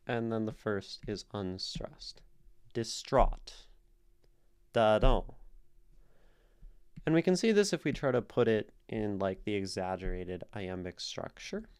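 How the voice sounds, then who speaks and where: A man's voice: lowish voice, a little mellow, clean tone. A man streaming live, casually explaining poetic meter and sounding out the stress in words as he thinks aloud. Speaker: streamer analyzing poetry.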